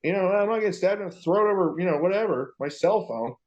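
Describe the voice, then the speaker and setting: A man with a high-pitched voice speaks fast over lo-fi sound. He co-hosts a podcast and tells a story in loose conversation, swearing freely and animatedly voicing the people involved.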